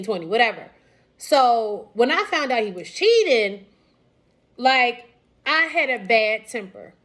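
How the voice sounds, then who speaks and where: A woman in her thirties with a higher, slightly bright voice vlogs about something personal. She speaks casually and candidly, quoting others and using many fillers and restarts as she tells her story.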